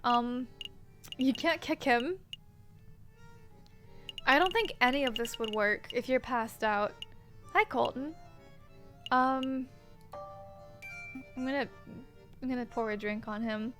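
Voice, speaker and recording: A woman's voice: fairly high pitch, slow, pauses often, fairly bright tone, soft background music. A woman streaming a game, thinking aloud and joking in casual commentary.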